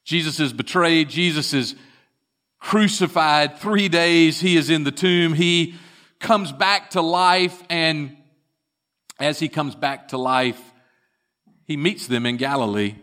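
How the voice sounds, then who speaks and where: Bright-voiced preacher, slow and dramatic. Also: male voice, a little high. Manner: dramatic storytelling, retelling scripture with swings from loud to hushed. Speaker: pastor. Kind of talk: sermon.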